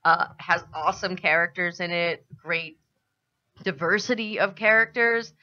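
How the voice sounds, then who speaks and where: A woman's voice: on the low side, unhurried. A woman co-hosting a radio show, chatting casually and animatedly about a video game. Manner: animated, acts out characters with jokes. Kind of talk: casual game review chat. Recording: dull lo-fi radio broadcast.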